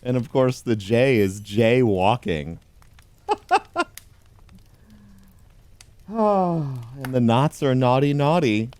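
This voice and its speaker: A man reading a pun book aloud in a dry, deadpan comedic tone, chuckling along. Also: medium pitch, measured pace, few pauses. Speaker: comedy host.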